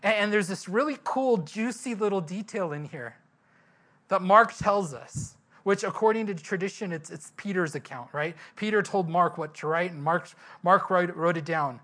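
Male pastor, sermon, conversational, animated, rhetorical questions. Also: sits high, moderate pace.

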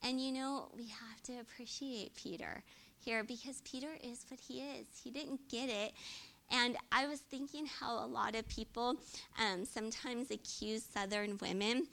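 A woman teaching the Bible in a chatty, conversational way, with a bright, forceful edge to her voice. She sits a little higher in pitch than most women and keeps asking her listeners "right?" as she goes. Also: a little slow, creaky. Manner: chatty and expressive, often adds "right?".

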